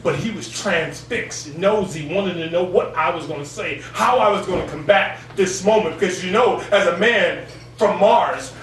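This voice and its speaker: Baritone poet in an echoey room. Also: male voice, moderate pace, hardly any pauses, a bit bright. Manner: rhythmic delivery built on a repeated refrain. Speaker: open mic poet. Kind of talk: spoken word poetry performance. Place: cafe gallery open mic stage. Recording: echoey room, far from the mic, faint hum.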